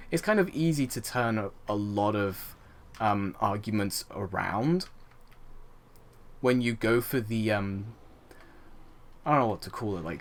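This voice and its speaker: A young man hosting a let's play, ranting over gameplay with indignant rhetorical questions and the odd swear. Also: fairly low pitch. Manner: frequent fillers and restarts, swears.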